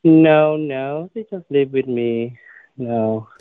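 A man's voice: medium pitch, slow pace, clear, resonant tone, dry recording, close to an everyday voice. A man putting on a pleading grown son who talks in broken, repetitive English as a prank caller on the phone. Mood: apologetic. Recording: tinny phone line.

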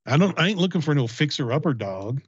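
Sarcastic man, lively voice. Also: on the high side, fast talker, breathy edge, dry recording, dull audio. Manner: crude, sarcastic joking. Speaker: podcast co-host. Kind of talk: casual comedic chat.

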